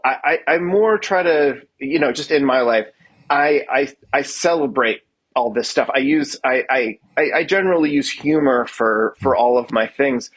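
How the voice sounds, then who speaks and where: Husky man telling stories with stammering restarts. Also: on the high side. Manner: halting, many restarts, self-deprecating humor. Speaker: guest musician. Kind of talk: casual podcast chat.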